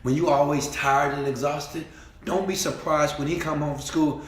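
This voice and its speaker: A man giving a preachy motivational speech, repeating himself and swinging between quiet talk and shouting. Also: on the high side, fairly even intonation, normal speed, reverberant. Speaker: motivational speaker.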